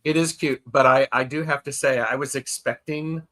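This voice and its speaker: A man's voice: mid-range voice, fairly even intonation, normal speed, a bit bright. Teasing man reading chat. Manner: teasing, reads viewer comments aloud. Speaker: co-host. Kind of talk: casual livestream chat.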